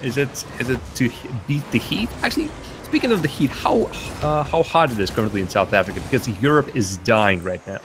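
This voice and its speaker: A man giving live esports commentary, chatty and quick to laugh, getting excited on big plays. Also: medium pitch, background noise. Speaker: esports caster.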